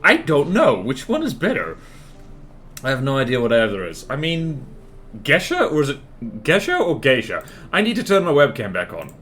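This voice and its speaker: A man's voice: mid-range voice, huge pitch swings, moderate pace, a bit bright, slight background noise. A man live-streaming a building game, chatting with his viewers and thinking aloud in a playful, self-mocking way.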